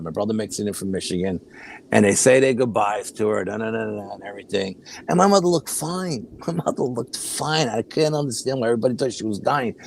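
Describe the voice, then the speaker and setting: Gravelly low-voiced older man telling stories. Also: slight background noise. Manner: animated, acts out quoted voices, frequent laughs. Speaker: guest. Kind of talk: casual storytelling.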